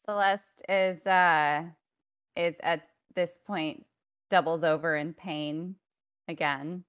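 Smooth, slow, low-voiced woman player. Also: fairly even intonation, a bit bright. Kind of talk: describing her character's actions.

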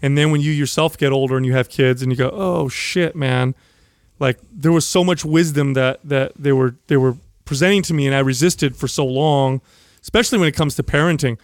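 A man co-hosting a podcast, telling a story in a casual, animated way, acting out quotes and swearing freely. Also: medium pitch, a little fast, no echo, clean studio sound. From San Jose, California. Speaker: podcast co-host.

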